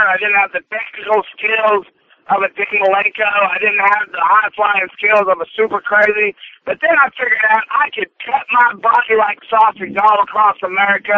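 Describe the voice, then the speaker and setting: A man in his forties, a wrestler guest calling in by phone, talking in a loud, blustering promo style. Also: high voice, no echo. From US Midwest. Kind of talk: phone-in interview. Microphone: telephone. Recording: tinny phone line.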